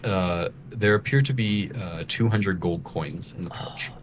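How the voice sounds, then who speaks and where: A man's voice: deep voice, unhurried, a little hiss or hum. A man narrating as game master of a tabletop game, speaking hesitantly with many filler words.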